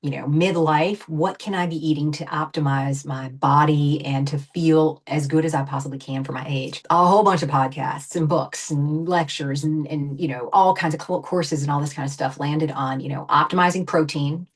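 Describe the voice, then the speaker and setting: Guest in her fifties, low-pitched woman, chatty and emphatic, loose with fillers. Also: fairly even intonation, moderate pace, hardly any pauses. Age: 50s. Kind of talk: casual interview chat.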